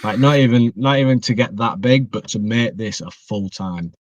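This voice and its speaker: A young man from northwest England, a wrestler appearing as a podcast guest, chats casually and rambles, full of restarts and fillers. His voice is mid-range and his pace normal. The recording is dry, dull and muffled, with no echo.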